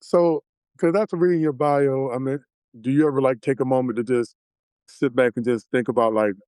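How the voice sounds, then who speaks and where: A man's voice: mid-range voice, steady tone, a little fast, mellow, smooth, no room sound. A man hosting a music podcast, asking loose, rambling questions full of fillers. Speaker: podcast host. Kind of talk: casual interview questions.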